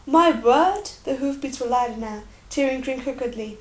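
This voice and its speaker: High-voiced woman reading an audiobook. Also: brisk. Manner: steady, expressive storytelling. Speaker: audiobook reader. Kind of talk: audiobook narration. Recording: roomy echo.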